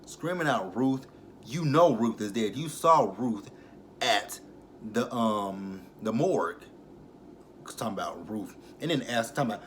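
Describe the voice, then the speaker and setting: A young man recapping a TV drama episode in a casual, profane, animated way, acting out the characters' lines and laughing often. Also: lowish voice, measured pace, a little hiss or hum. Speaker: TV episode reviewer.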